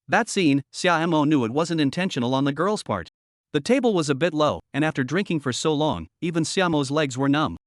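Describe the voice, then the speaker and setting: A man reading a scripted story recap in an even, steady way. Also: a little high, a little fast, no echo, studio quality. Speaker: narrator.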